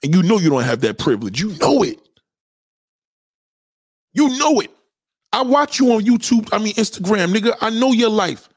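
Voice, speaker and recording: Animated, husky-voiced man ranting loudly. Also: high-pitched, moderate pace, long pauses, dry recording, studio quality. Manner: loud, animated, preachy, repeats himself. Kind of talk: profane ranting commentary.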